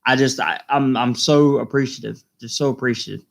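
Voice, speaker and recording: A man with a gravelly, mid-pitched voice hosts a live stream and reads viewer comments aloud. He is choked up and talks in halting, emotional bursts, often repeating himself. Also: steady tone.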